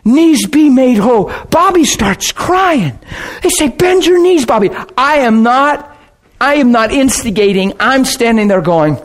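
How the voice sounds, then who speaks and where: A man preaching a sermon, telling healing stories and acting out scenes with gasps and laughter. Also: sits high. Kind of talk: sermon storytelling.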